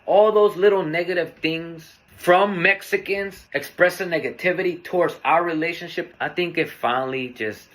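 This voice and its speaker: A man hosting a podcast, telling a personal story in a candid, earnest, unhurried way. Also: a little high, a bit bright. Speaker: podcast host.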